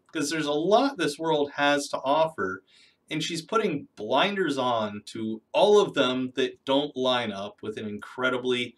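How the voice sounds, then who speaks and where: A man's voice: medium pitch, fairly bright tone, distant mic. A man giving critical, skeptical commentary in a reaction video.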